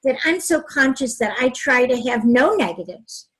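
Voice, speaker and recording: Husky-voiced woman coaching on relationships. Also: high-pitched, normal speed, poor audio. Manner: warm, animated, acts out example phrases. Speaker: couples therapist. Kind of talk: casual advice chat.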